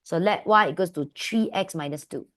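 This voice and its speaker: A woman with a Malaysian English accent teaching an online maths class, calling her students "my dear" and asking them quick questions. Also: on the low side. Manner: affectionate, calls students "my dear"; lively, asks many quick questions. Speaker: maths tutor.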